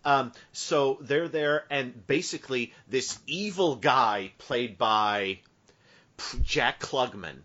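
A man's voice: mid-range voice, slow pace, pushed and bright. A man hosting a podcast, telling a playful made-up story full of asides and tangents. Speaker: podcast host. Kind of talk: casual podcast banter. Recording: dull lo-fi podcast audio.

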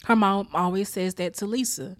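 A woman's voice: medium pitch, moderate pace, no echo, studio quality. A woman recapping a TV episode in a casual, heated rant full of profanity. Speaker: TV episode reviewer.

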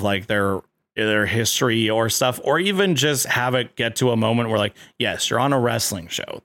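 A man talking casually and excitedly, piling up filler words as ideas tumble out. His voice is mid-pitched. It is recorded dry and close. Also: no echo. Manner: rambling, lots of "like" fillers, excitable. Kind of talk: casual chat.

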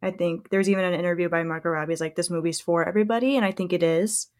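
A woman's voice: lowish voice, fairly even intonation, rapid-fire. A woman appearing as a guest in a casual podcast conversation, with many likes and ums.

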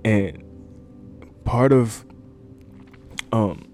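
Deep-voiced man giving an earnest, casual sermon. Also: drawn-out words, darkish tone, soft background music. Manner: earnest, repetitive, conversational with fillers. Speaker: preacher. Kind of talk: informal sermon. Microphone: desk microphone.

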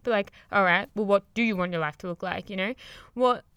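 A woman's voice: medium pitch, a little fast, a bit bright, clean tone, no echo. A young woman hosting a casual motivational podcast, rambling and upbeat, swearing freely and laughing often, recorded very close to the microphone while crouched under blankets. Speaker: podcast host, yoga teacher.

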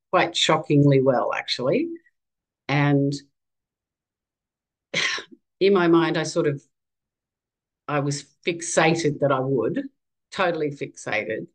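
A woman's voice: deep voice, poor audio. Candid Australian woman telling her story. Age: 50s. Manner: candid and animated. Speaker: guest. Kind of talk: conversational storytelling.

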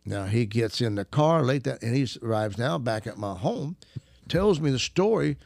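A man's voice: medium pitch, normal speed, vocal fry, no echo, clean studio sound. A man casually telling a story, acting out the people in it and laughing often. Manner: animated, acts out quoted voices, laughs often. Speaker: guest storyteller.

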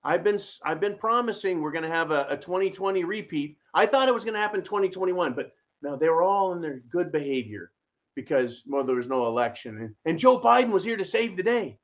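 A man hosting a ranting political commentary show, sarcastic and mocking, with loud asides to his viewers. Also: high voice, animated, fairly quick. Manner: sarcastic, mocking, shouty rants with audience asides.

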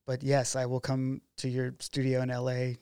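A man's voice: medium pitch, moderate pace, clean tone, dry recording, clean studio sound. A man, a documentary filmmaker guest, chatting casually in an interview and acting out the dialogue in his stories. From Oregon. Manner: animated storyteller who acts out quoted dialogue.

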